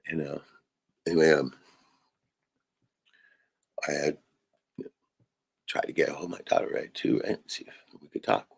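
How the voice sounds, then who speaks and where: Gravelly low-voiced man venting. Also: little pitch movement, moderate pace, pauses often. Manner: rambling, fills with "right?" and swearing. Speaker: live streamer. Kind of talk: casual venting monologue.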